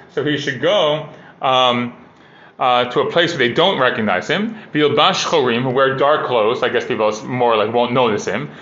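A man's voice: mid-range voice, fairly bright tone. A man teaching a casual Talmud class. He reads Aramaic passages, explains them in plain English and fills his talk with "like" and "you know". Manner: conversational, full of "like" and "you know". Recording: dull, roomy recording.

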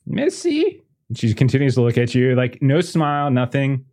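A man's voice: medium pitch, steady tone, a little fast, a little mellow. A man narrating as game master in a rambling, loose way. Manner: rambling, full of fillers and restarts.

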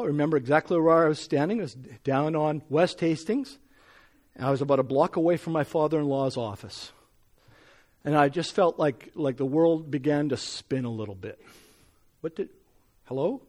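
A man's voice: fairly high pitch, normal speed, a little mellow. Earnest man preaching a sermon. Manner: earnest, rising to emphatic when reading scripture. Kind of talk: sermon with personal story.

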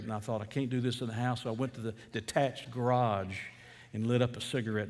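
A man's voice: on the low side, a little mellow, in a large hall. A middle-aged man from Atlanta, preaching a sermon as a pastor in a conversational, storytelling way with fervent emphasis. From Atlanta, USA.

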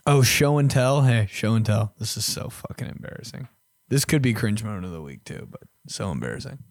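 A young man hosting a podcast, telling crude, self-mocking stories in a casual way and swinging between loud and quiet. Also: fairly low pitch, very animated, fairly quick, dry recording, clean studio sound. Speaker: podcast host. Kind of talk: casual storytelling.

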